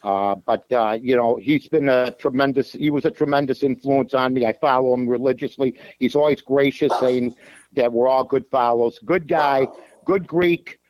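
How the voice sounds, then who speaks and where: A man's voice: mid-range voice, normal speed, a little mellow, no echo, rough recording. A man from Chicago, a sports radio host and handicapper, talking bluntly as a guest from his car, with lots of fillers and restarts. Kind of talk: casual sports talk on a call-in show. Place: in a parked car.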